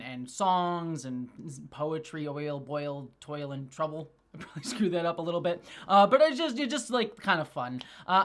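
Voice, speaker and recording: A woman hosting a casual review video, chatting in an animated way with frequent restarts and pitch swings. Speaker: video reviewer and channel host.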